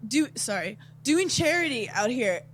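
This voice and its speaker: New York woman guest, brash and crude, slightly high voice, faint hum under her. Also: big pitch swings, unhurried. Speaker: podcast guest. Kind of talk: casual podcast banter.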